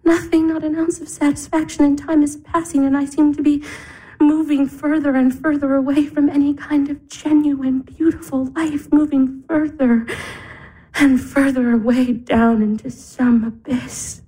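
A woman's voice: high voice, fairly even intonation, moderate pace, mellow, natural voice, poor audio. An actress in her twenties playing a weary, tearful young woman in despair, sighing and weeping. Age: 20s. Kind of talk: stage drama acting.

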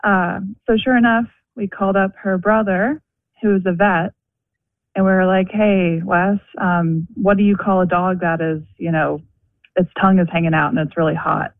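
A woman's voice: medium pitch, fairly even intonation, dry recording. Young woman caller, talkative storyteller, heard over a tinny phone line. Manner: chatty, many "like" fillers, quick storytelling. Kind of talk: phone-in call. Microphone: telephone.

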